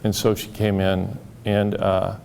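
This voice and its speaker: Male therapist, very gravelly low voice, mellow tone; halting storyteller, acts out dialogue. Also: completely flat delivery, a little hiss or hum. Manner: halting, repeats words, acts out quoted dialogue. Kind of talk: storytelling talk.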